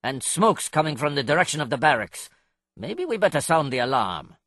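A man's voice: on the high side, sing-song, brisk, a bit bright, dry recording, clean studio sound, pitched above the performer's own voice. A man narrating an audiobook, voicing an anxious male military officer who speaks in a worried, clipped way. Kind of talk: audiobook character voice.

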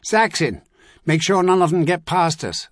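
A man shouting as a young battle commander. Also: a little high, lively intonation, normal speed, no echo, clean studio sound, pitched above the performer's own voice, natural voice. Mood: commanding. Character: young male officer, hard commanding.

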